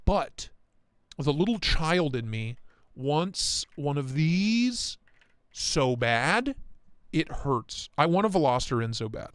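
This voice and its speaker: Excitable, swearing man on a livestream. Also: fairly high pitch, takes it slowly, clean tone, no echo, clean studio sound. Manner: excitable, profane, rambling rants. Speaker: livestream host. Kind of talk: casual live chat.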